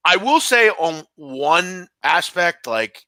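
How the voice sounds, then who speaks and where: A man's voice: a little high, lively intonation, slow, sharp tone, no echo. A man hosting a casual sports betting show, talking loosely with lots of fillers.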